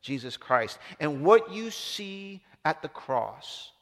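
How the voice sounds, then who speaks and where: A man preaching a sermon as a pastor, impassioned, swinging from loud emphasis down to hushed, low tones. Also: very animated, slow. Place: church. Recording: long reverb of a large hall.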